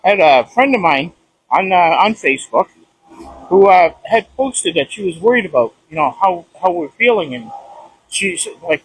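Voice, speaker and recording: A man's voice: sits high, sing-song, moderate pace, slightly rough, low-quality recording. A man answering in an interview, friendly and rambling. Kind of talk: street interview.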